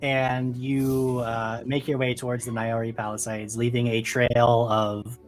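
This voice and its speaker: A man's voice: mid-range voice, flat delivery, unhurried, faint music behind, poor audio. A man running a tabletop game as game master, narrating with frequent hesitations and fillers.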